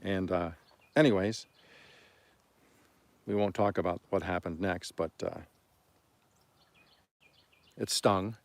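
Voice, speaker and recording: A man from Oklahoma hosting a homestead livestream, telling stories in a rambling, folksy way and often clearing his throat. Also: deep voice, steady tone, takes it slowly, long pauses. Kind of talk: casual storytelling on a livestream.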